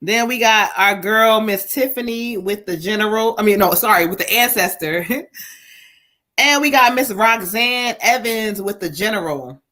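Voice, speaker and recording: A woman hosting a live psychic reading stream, talking quickly between laughs while her voice is getting hoarse. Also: mid-range voice, pushed and bright. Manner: quick, busy, lots of laughing asides. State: voice going hoarse. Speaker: host and psychic reader.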